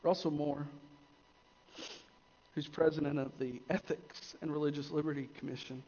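A man preaching a sermon as pastor, swinging between emphatic rises and quiet, intense drops. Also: on the high side, little pitch movement, normal speed. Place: church sanctuary. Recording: long church reverb, dull lo-fi sound.

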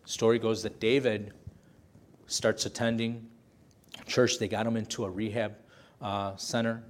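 A man's voice: fairly low pitch, little pitch movement, measured pace. A man preaching a sermon, telling a story with passion and repeating phrases for emphasis.

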